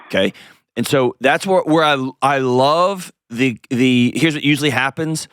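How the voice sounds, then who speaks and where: A man's voice: mid-range voice, measured pace, a bit bright, clear, resonant tone, no room sound, clean studio sound. A man hosting an advice call-in show, talking in a direct, coaching way with playful asides. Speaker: host.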